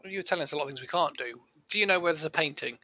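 A man's voice: fairly high pitch, racing, bright, forceful tone. A man playing in a tabletop game, blunt and sarcastic in casual chat. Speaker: player.

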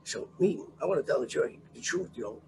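Older male guest, profane storyteller, gravelly voice that leaps all over the place. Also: a little high, expressive, fast, dark tone, slight background noise. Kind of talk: storytelling in a casual interview.

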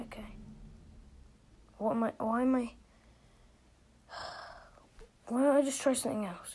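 Husky woman muttering over a game. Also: on the high side, unhurried, long pauses, darkish tone. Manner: frustrated, often dropping to a whisper. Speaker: gaming video creator. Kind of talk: casual gameplay commentary.

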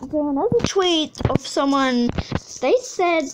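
A woman's voice: high voice, animated, a little slow, background noise. A teenage girl who makes animations, chatting casually and rambling while she draws, swearing a lot and losing her train of thought. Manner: profane, rambling, easily sidetracked. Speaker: animation channel creator.

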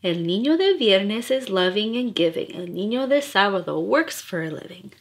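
A woman's voice: medium pitch, expressive, moderate pace, husky. A woman reading nursery rhymes aloud in a playful, rhythmic, sing-song way. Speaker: storyteller.

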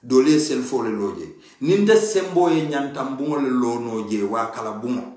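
A man's voice: medium pitch, animated, moderate pace, dark tone. A man giving an impassioned political monologue, emphatic and pleading, repeating his key points. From Gambia. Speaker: party supporter giving political commentary. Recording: very echoey room.

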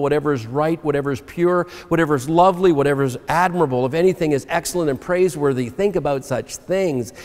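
A man's voice: on the high side, darkish tone. A man preaching a sermon as pastor, earnest and personal, reading scripture and telling his own story. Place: church sanctuary. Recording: long hall reverb.

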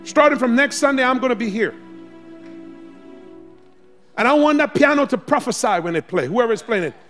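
A man preaching a sermon in a church, exhorting the congregation and swinging between loud shouts and quiet asides. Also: very high voice, lively intonation, moderate pace, soft background music. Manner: exhorting, calls on the congregation to respond. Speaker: pastor. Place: church sanctuary.

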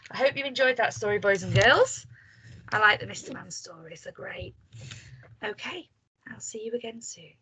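Against some background noise, a woman with a slightly high voice speaks at normal speed. She's a primary school teacher reading a picture book to young children, animated and asking them questions as she reads.

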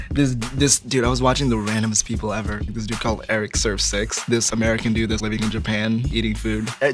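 A young man from Indonesia, a rapper guest in a casual interview, talking in a laid-back, slangy way and laughing often. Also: medium pitch. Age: young adult.

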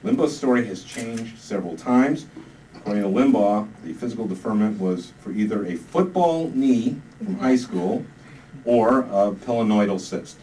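Guy reading his funny book out loud, dry deadpan, lowish voice, noisy far mic. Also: normal speed. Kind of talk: comic reading to a live audience. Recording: distant mic, noisy live room.

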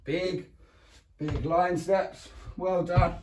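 A primary school PE teacher with an English accent runs a home PE lesson for young children, encouraging them, counting down and praising them often, with animal noises, roars and squeaks. His voice is steady and darkish, and he speaks extremely slowly. The room echoes, the mic is far off, and there is slight background noise.

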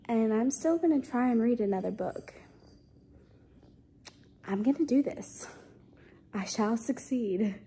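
A sleepy young woman talks to her camera at home, unhurried and a little self-mocking. Her voice sits fairly high, with a husky, breathy edge. She drags through her words with tired, drawling slowness. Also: expressive, warm tone. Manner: chatty, self-deprecating. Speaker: vlogger. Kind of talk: casual vlog chat.

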